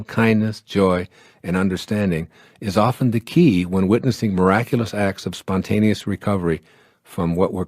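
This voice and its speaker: A man reading inspirational text as scripted narration, slow and solemn. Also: deep voice, a little mellow, no room sound, clean studio sound.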